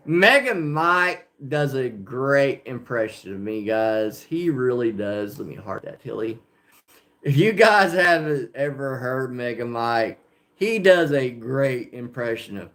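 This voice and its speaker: A man's voice: medium pitch, animated, slow, a bit bright. A man from Oklahoma with a rural country accent, chatting casually with livestream viewers and rambling with lots of fillers. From Oklahoma, USA. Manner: rambling, filler-heavy, talking to chat viewers. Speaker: slot machine livestreamer.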